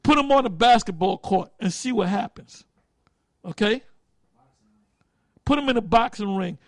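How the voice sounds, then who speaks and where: A man's voice: high voice, lively intonation, normal speed, dry recording. A man leading a group study in a casual preaching style, talking bluntly with street slang and profanity, often stopping to hunt for a word. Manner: loses words and restarts while thinking aloud.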